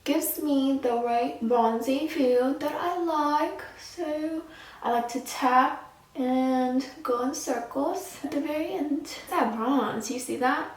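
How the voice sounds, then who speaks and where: A woman's voice: high-pitched, slow pace, roomy sound, distant mic. A woman chatting casually through a makeup tutorial, sassy and talkative. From Houston, Texas. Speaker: makeup vlogger.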